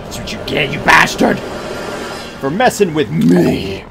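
A rowdy man commentating a game and hurling insults at enemies, his pitch leaping all over the place. He talks slowly between outbursts. A steady hiss of background noise sits under the voice. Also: creaky. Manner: excitable, shouting taunts and cursing at enemies; goofy, makes silly noises and jokes. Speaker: gaming channel host. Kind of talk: let's play commentary. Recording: noisy background ambience.

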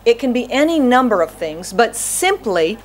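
A woman's voice: a little high, sing-song, normal speed. A woman pastor preaching an earnest, conversational sermon, often asking the congregation questions.

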